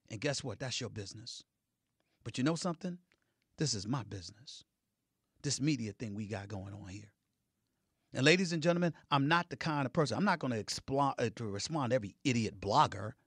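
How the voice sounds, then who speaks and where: A middle-aged man giving heated sports commentary, emphatic, swinging between loud declarations and low, intense remarks. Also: sing-song, a little fast, long pauses, breathy edge, no echo, clean studio sound.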